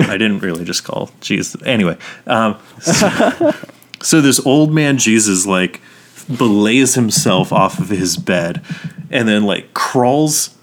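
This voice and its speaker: A man co-hosting a casual podcast, telling movie stories with energy, swearing freely and acting out quotes. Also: fairly low pitch. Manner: animated storytelling, swears freely, acts out quotes. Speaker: podcast co-host.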